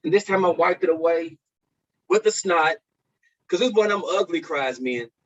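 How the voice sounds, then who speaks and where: A man sharing a personal testimony as a speaker at a men's conference, swinging from loud peaks to hushed lows. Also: normal speed. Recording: dull lo-fi recording.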